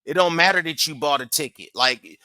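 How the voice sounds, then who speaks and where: A man's voice: a little high, fairly quick, sharp tone, smooth, no echo. A man hosting a reaction channel, giving sarcastic, mocking casual commentary.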